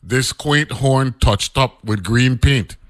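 A man's voice: mid-range voice, slow, a bit bright, dry recording. A man, hosting a radio show and reading an old newspaper article aloud, breaking off into loose, chatty asides.

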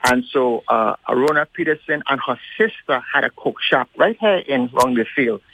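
A male radio guest recounting local history, speaking deliberately slowly with many ums and uhs. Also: medium pitch, a little hiss or hum. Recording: tinny phone line.

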